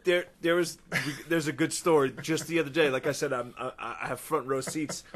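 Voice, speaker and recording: A man co-hosting a casual podcast, telling a story excitedly through laughter. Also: a little high, moderate pace. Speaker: podcast co-host.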